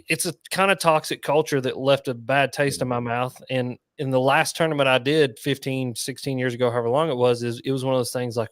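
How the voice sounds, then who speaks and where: Animated storytelling man, dry close sound. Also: medium pitch, dry recording. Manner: animated storyteller, laughs while telling stories. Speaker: podcast host. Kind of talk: casual chat. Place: home.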